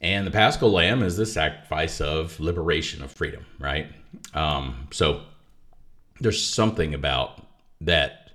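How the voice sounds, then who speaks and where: Low-voiced guy, author talking thru his book ideas, lots of restarts and little asides. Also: a little slow, fairly bright tone. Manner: thoughtful, restarts and explains with asides. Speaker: author and guest. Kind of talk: conversational theology discussion.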